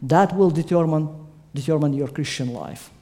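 A man preaching a sermon in an emphatic way, building to loud, forceful climaxes. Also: on the high side, moderate pace.

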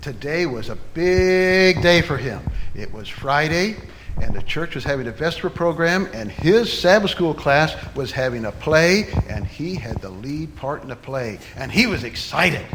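Animated high-voiced male storyteller. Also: unhurried, a little hiss or hum. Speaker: children's storyteller at church. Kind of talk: children's story sermon.

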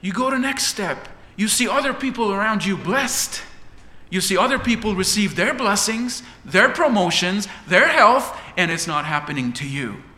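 A man preaches with dramatic swells, his pitch leaping and dropping through the sermon. His tone is bright and ringing. A long reverb follows him around a church hall, with a faint hum of ambience behind. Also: animated, moderate pace. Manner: dramatic, rising and falling delivery.

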